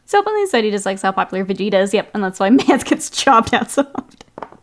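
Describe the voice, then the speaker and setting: A woman's voice: medium pitch, big pitch swings, fast. A woman streaming while painting miniatures, chatting casually with viewers, reading their comments and laughing often. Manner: chatty, laughs often, reads and answers chat.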